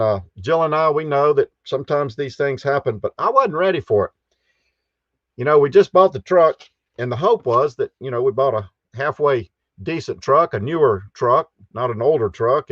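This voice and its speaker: A man's voice: medium pitch, no echo, dull audio. Chatty man hosting a casual livestream. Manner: chatty, chuckles often, reads out viewer comments. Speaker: live stream host. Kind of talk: casual live stream chat. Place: inside a camper.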